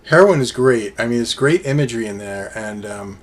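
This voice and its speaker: A man's voice: medium pitch, lively intonation, brisk. A man casually reviewing an album on his own, rambling enthusiastically with many fillers and restarts. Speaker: music reviewer.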